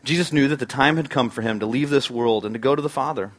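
A man's voice: mid-range voice, fast. A man pastor preaching a sermon, earnest and conversational, with sudden bursts of emphasis.

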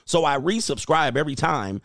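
A man hosting a casual livestream, reading viewer comments aloud, animated and laughing, with loose swearing. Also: a little high, a little fast, no room sound, studio quality. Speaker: livestream host reading chat.

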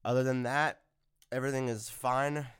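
A man's voice: medium pitch, moderate pace, smooth, dry recording, clean studio sound. A man co-hosting a podcast in casual chat, slightly congested and laughing easily. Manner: laughs easily, relaxed and jokey. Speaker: podcast co-host.

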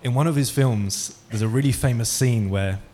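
A man's voice: medium pitch, moderate pace, warm tone. A man giving an interactive talk, asking the audience questions and telling stories. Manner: engaging, asks the audience questions. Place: hall with an audience.

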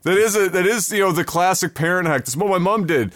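High, bright man chiming in. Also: dry recording, studio quality. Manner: laughs often, chimes in with quick remarks, swears. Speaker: podcast co-host. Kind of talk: casual chat.

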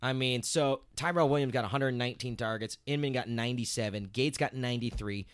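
A man's voice: medium pitch, brisk, smooth, no echo, clean studio sound. A man co-hosting a casual fantasy football podcast, running through player rankings and target numbers. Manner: rattles off player rankings and stats. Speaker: podcast co-host.

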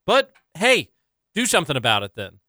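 A man's voice: a little high, normal speed, no echo, studio quality. A young man hosting a casual sports talk show, ranting with strong opinions. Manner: opinionated, animated rants. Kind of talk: casual sports radio chat.

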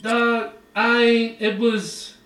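A man with a high voice co-hosts a podcast in loose, casual chat. He tells a profane story with animated energy and keeps circling back to his punchline. His voice rings out in a roomy, echoey space. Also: extremely slow, a little hiss or hum. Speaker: podcast co-host.

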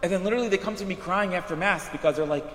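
A man preaching a sermon as a priest, telling stories in an animated way with quick asides. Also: high-pitched. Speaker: Catholic priest. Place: church. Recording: echoey church hall.

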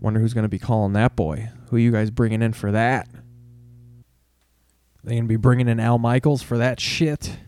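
A man's voice: mid-range voice, flat delivery, fairly quick, pauses often, dark tone, clean tone, no room sound. A man hosting a podcast, rambling through a casual sports monologue with heavy swearing. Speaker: podcast host.

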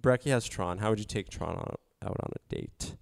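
A man's voice: fairly low pitch, wildly swooping pitch, fairly quick, gravelly, dry recording. A man hosting a casual podcast chat, playful and teasing with his guests. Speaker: host.

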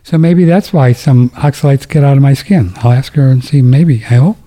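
A man's voice: medium pitch, normal speed, dark tone. An older man hosting a talk radio show, rambling and joking through his ad reads with many restarts. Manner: rambling, jokey, self-interrupting.

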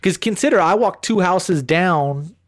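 A young man telling a story in casual podcast chat, animated and profane, acting out both sides of the scene. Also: high voice, measured pace, dry recording, studio quality.

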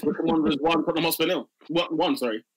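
A man's voice: on the high side, very fast, breathy edge, low-quality recording. A man, co-hosting a casual football podcast with slangy talk and mock announcer flourishes. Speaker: podcast co-host.

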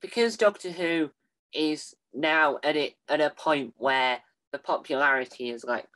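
A young interviewer asks questions with eager enthusiasm. He keeps restarting and stumbling over words. His pitch sits in the middle range. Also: sharp tone. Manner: eager, halting, many restarts. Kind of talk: casual interview.

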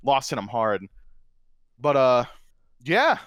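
A man guesting on a podcast, telling a competitive gaming story in a casual, animated way that gets loud and excited. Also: mid-range voice, takes it slowly, dry recording, studio quality. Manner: excitable, animated storyteller who drifts into shouting. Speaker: guest, former console champion.

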